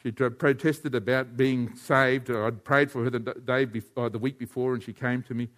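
A man preaching a sermon, telling stories and speaking to listeners by name. He drops to hushed, quiet passages and then rises to loud, shouted climaxes. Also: medium pitch, fairly even intonation, normal speed. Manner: addresses listeners by name, tells anecdotes.

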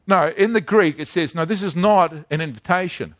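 A man preaches a sermon with a high voice, talking with his congregation and putting questions to them. The sound is dry and close, with little room echo. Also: normal speed. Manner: conversational, asks the congregation questions. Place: church in the Philippines.

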